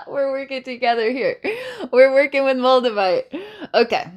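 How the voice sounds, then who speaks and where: A woman's voice: a little high, animated, slow pace, long pauses. A woman giving a channelled psychic reading to camera. She rambles and repeats herself, restarts phrases, breaks into laughter, and switches between dramatic challenges and coaxing. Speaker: psychic reader.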